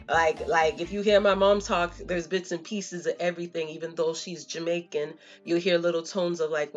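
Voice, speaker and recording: A young woman from Florida talking casually to her viewers, telling stories and slipping into slang and fillers as she goes. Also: low voice. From Florida, USA. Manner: conversational and storytelling, drops in slang and fillers. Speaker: vlogger. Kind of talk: casual talk to camera.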